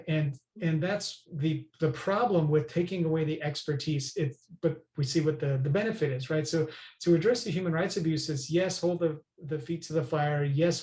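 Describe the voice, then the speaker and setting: A man talks earnestly as a podcast guest, his voice sitting a little high for a man. He stresses his points and keeps checking in with his listener. The sound has a noticeable room echo. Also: warm tone. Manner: earnest, emphatic, many "right?" tags. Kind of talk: conversational interview.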